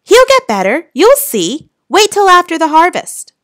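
A woman's voice: moderate pace, a bit bright, no room sound, clean studio sound. A woman reading aloud, voicing a stubborn, loyal ten-year-old farm boy in an earnest, pleading tone. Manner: earnest, pleading, raised high pitch.

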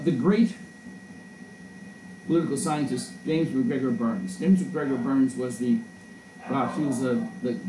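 A man's voice: mid-range voice, dark tone, far from the mic, a little hiss or hum. A man lecturing as a professor in a conversational, storytelling way, often restarting his sentences. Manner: discursive, storytelling, frequent restarts. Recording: roomy echo, voice a bit off-mic.

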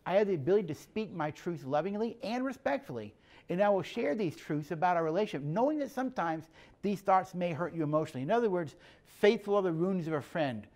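A man's voice: high voice, lively intonation, fast talker, darkish tone. Middle-aged man, conversational teaching storyteller. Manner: plainspoken storyteller, acts out dialogue. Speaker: speaker on emotional health and leadership. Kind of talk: conversational teaching talk with stories.

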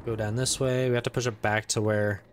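Excitable man narrating his gameplay. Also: on the low side, brisk, a little hiss or hum. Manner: excitable, talks to the game and its characters; says "dude" a lot. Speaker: let's play gamer. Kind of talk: casual gameplay commentary.

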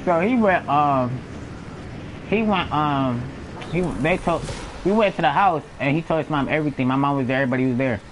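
A man's voice: on the high side, animated, fairly quick, slight background noise, rough recording. A young man telling personal stories in a casual, slangy way, often laughing and acting out the sounds of what happened. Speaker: storyteller. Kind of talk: casual storytelling.

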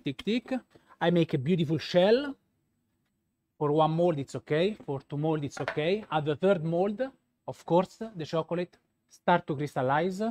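Roman Italian pastry chef, native Italian speaker, slow and fumbling in English, slightly raised pitch. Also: male voice. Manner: slow, halting, many fillers. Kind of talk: live product demo.

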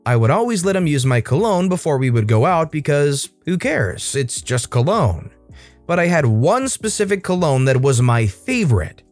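A man reading online stories aloud as a storytime channel narrator in a scripted, expressive style. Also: on the high side, no echo.

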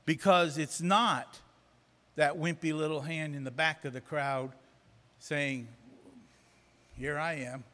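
A man's voice: medium pitch, sharp tone. A man preaching a sermon, emphatic and repeating phrases for effect. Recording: long reverb of a church hall.

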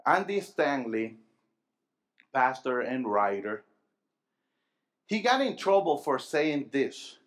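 A man preaching a sermon to young people, asking the congregation questions and calling for answers, moving between low, quiet stretches and loud emphatic bursts. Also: sing-song, slow, long pauses. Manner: call-and-response, asking the crowd questions. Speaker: pastor. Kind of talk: sermon to a youth rally.

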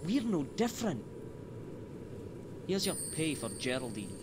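An actor voicing a cocky Scottish bounty hunter in a video game, with a smug, taunting manner. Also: male voice, a little high, big pitch swings, measured pace. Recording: game audio with background noise.

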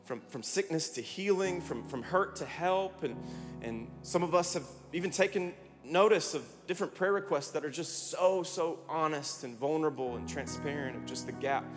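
A man preaching a sermon as pastor, energetic and rallying his congregation with repeated calls to respond. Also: a little high, moderate pace. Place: large church hall. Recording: long hall reverb, music behind.

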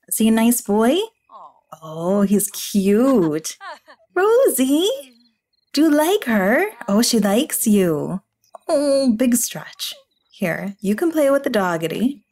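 A woman's voice: fairly high pitch, big pitch swings, a little mellow. A woman chatting through a life-sim game, talking to her characters as if they were family and laughing often. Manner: laughs often, quick to exclaim. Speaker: gaming YouTuber. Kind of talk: casual let's-play commentary.

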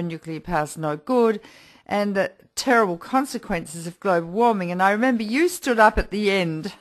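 A woman hosting a radio interview show, reading a guest introduction and then talking with him in an earnest, measured way. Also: medium pitch, fairly bright tone. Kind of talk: scripted interview introduction and conversation.

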